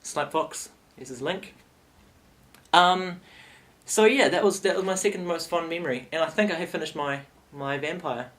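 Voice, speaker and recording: A man's voice: fairly high pitch, moderate pace. A young man telling a silly comic story in a vlog, rambling and playful. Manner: rambling, playful, animated retelling. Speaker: vlogger.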